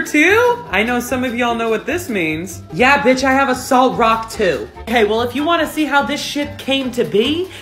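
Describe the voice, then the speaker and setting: Sassy high-voiced creator ranting with bursts of shouting. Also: male voice. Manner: sassy, profane, dramatic outbursts. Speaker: TikTok creator. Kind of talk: comedic rants to camera.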